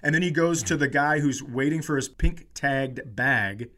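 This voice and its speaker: A man's voice: a little high, moderate pace. A male comedian co-hosting a podcast, chatting casually. He tells stories with energy and acts out the voices of the people in them. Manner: animated storyteller, acts out quotes, giggles. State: tired and hungover during the story. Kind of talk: casual storytelling chat.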